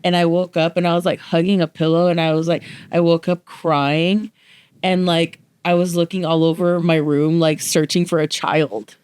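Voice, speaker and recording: Swearing, animated young woman telling stories. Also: on the low side, normal speed, smooth. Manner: animated storyteller, swears freely, acts out quotes. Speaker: podcast co-host. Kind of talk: casual chat, storytelling.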